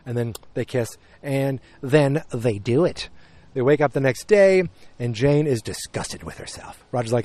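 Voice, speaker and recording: A man's voice: mid-range voice, brisk, a little mellow, dry recording. A man hosting a podcast, casually recapping a TV episode and rambling with many fillers and restarts. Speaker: podcast host.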